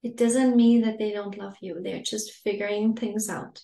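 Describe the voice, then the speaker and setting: A woman parenting coach giving a masterclass talk to parents in a calm, gentle, soothing way. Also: medium pitch, normal speed, vocal fry. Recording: roomy echo.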